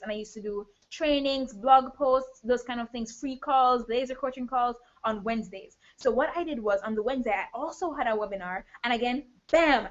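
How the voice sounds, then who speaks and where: Energetic woman coach, higher voice, live online training, dull lo-fi stream audio. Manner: energetic, addresses viewers directly. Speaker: business coach.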